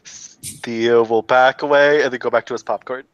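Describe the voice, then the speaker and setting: A man playing a tabletop role-playing game, calmly describing his character's actions. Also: mid-range voice, normal speed, clear, resonant tone, dry recording, highs cut off. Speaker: player. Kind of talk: casual tabletop role-play.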